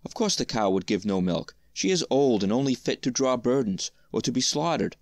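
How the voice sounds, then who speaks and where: A man voicing a blunt, hearty butcher in a storybook reading, brisk and plain-spoken. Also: medium pitch, animated, a little mellow, no echo, lightly acted.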